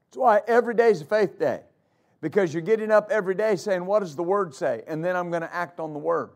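Male pastor mid-sermon; raised pitch, emphatic delivery with repeated phrases and loud-soft swings. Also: fast. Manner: emphatic, repeats phrases for stress, rises and drops loudness.

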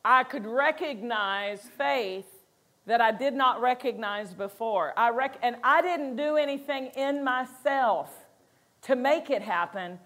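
A woman's voice: fairly high pitch, slow pace, a bit bright. A woman pastor preaching a sermon in a conversational way, acting out quotes and laughing between points.

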